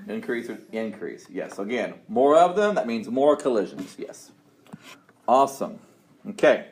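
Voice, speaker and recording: A man's voice: mid-range voice, very animated, measured pace, a little mellow. Man lecturing in a roomy classroom. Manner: upbeat, quizzing students, many restarts. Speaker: college chemistry instructor. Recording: roomy classroom sound, faint noise.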